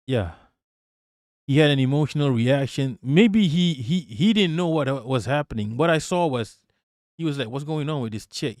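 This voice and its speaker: A man's voice: medium pitch, a little mellow, no echo, studio quality. Blunt, profane male streamer. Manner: blunt, profane, repeats himself when worked up. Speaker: streamer reacting to a clip. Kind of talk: live-stream commentary.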